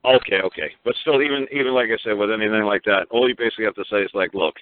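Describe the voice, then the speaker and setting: Brooklyn-accented male radio ranter, low voice, rapid-fire and profane, heard over a thin phone line. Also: slight background noise. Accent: New York. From New York. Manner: fast, profane, repetitive, acts out quoted voices. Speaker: radio talk show host. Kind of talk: ranting phone-in radio talk. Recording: tinny phone line, dry.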